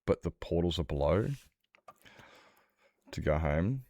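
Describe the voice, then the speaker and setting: Very deep-voiced man chatting. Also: animated, unhurried, mellow, no room sound. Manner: rambling, joking, talking back to chat. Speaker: streamer. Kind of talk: casual livestream chat while gaming.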